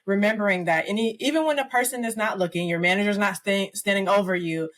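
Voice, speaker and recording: A woman's voice: mid-range voice, quick pace, fairly bright tone. A woman hosting a podcast interview, responding with encouraging, faith-based reflections and questions. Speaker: podcast host. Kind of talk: casual interview talk.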